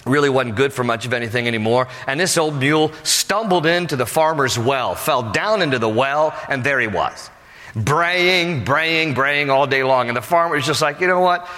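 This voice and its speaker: A male pastor preaching a sermon in an animated way, acting out the people in his stories. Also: medium pitch, normal speed, big-room sound.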